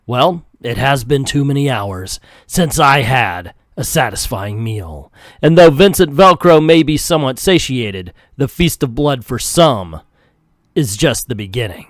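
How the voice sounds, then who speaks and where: A sneering, blood-hungry vampire commando drawls his lines slowly, voiced by a man reading a comic aloud. The voice sits dry and close to the mic. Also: mid-range voice, expressive, no room sound, natural voice.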